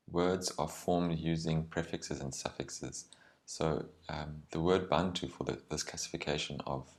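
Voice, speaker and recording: Very deep-voiced male language teacher. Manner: careful and explanatory, with some ums and slowed words. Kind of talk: explanatory language lesson.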